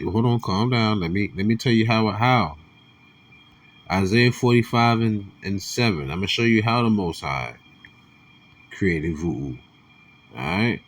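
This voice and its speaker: A man giving casual religious commentary, reading scripture aloud with slang and quiet muttered asides. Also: fairly low pitch.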